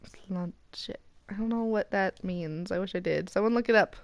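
An American woman streaming a game, chatting casually and getting excited as she opens loot boxes. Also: medium pitch, brisk, dry recording. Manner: excitable and chatty, squealing at rare items. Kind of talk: casual commentary while opening loot boxes.

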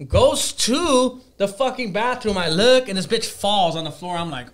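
A man's voice: sits high, moderate pace, few pauses. A man telling a crude story in casual chat, swearing constantly and acting out what people said. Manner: profane, animated, acts out quotes. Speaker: podcast guest.

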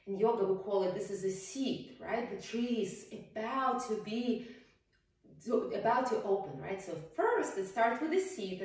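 A woman teaching yoga to small children, playful and coaxing, often asking them questions as she guides the poses. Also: fairly high pitch. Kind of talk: guiding a children's yoga class. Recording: echoey room, voice from far off.

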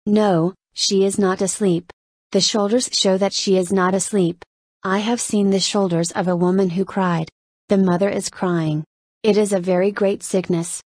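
An earnest, literal-minded man of the trail, as a woman reader voices him speaks in plain, grave, deliberate sentences. The sound is dry and close, with no room echo. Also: medium pitch, fairly even intonation, darkish tone, natural voice.

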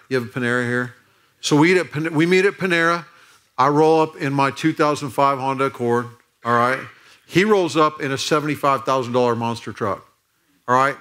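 A man's voice: medium pitch, sharp tone. A man in his forties, a pastor telling a humorous story in a sermon and asking the crowd questions. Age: 40s. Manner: playful, jokey, asks the crowd questions. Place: church auditorium.

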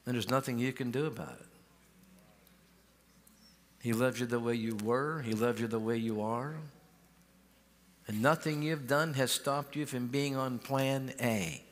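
A man's voice: medium pitch, fairly even intonation, unhurried, pauses often. A male pastor preaching a sermon in a large church, folksy and conversational, often repeating his starts. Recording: long church hall reverb.

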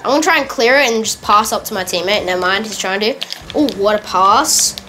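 A woman giving casual, excitable gameplay commentary, correcting herself quickly and laughing often. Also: mid-range voice, slight background noise. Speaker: gamer.

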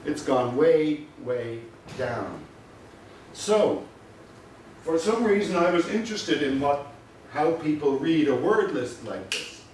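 Male lecturer, mid-pitched, measured and dry, recorded far off in a very echoey room. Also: very animated, a little hiss or hum. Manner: measured, explanatory, dry asides. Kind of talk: university lecture.

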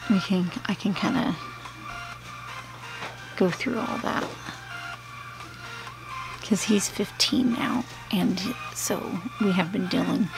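A woman's voice: fairly low pitch, gravelly. A middle-aged woman telling a personal story in a rambling, chatty way while doing her makeup for a beauty vlog. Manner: chatty, rambling, many fillers. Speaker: beauty vlogger. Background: background music.

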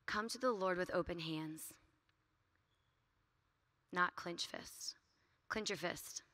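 A woman giving an earnest, energetic talk at a youth conference, speaking quickly and casually with frequent "like" and "right?". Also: on the low side.

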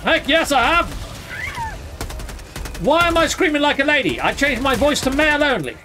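A British man who hosts a gaming channel, talking through his play in a casual, excitable way and yelping when things go wrong. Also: extremely high pitch, moderate pace, noisy background. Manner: excitable, exclaims and yelps during fights. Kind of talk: casual let's-play commentary.

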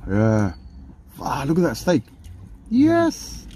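A man's voice: on the high side, lively intonation, takes it slowly, dark tone, a little hiss or hum. A man, hosting a mukbang and teasing his partner in casual chat while he eats. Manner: playful, teasing, often talks with his mouth full. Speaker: mukbang host.

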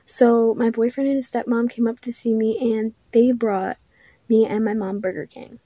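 A woman's voice: fairly high pitch, steady tone, moderate pace, warm tone, no room sound. A young woman telling a casual storytime vlog, chatty and blunt, full of filler words. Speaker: vlogger.

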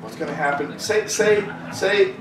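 Being interviewed on festival grounds, this protest organizer, a man, rants heatedly and swears a lot, restarting and repeating himself. He sounds a little high and animated, yet speaks a little slowly. Loud background noise, echo and a distant mic mark the audio.

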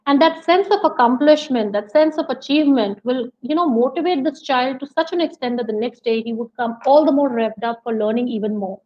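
High-voiced woman giving a webinar talk. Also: brisk, few pauses, lo-fi sound. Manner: explains patiently, many fillers and restarts. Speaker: teacher trainer. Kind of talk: webinar lecture. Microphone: video call.

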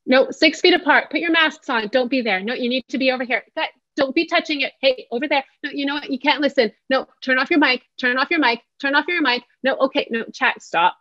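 A woman's voice: high voice, a little fast, few pauses, muffled recording, pitched above the performer's own voice. A woman doing an exasperated scolding mom. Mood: snapping. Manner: sharp, nagging, repeats orders.

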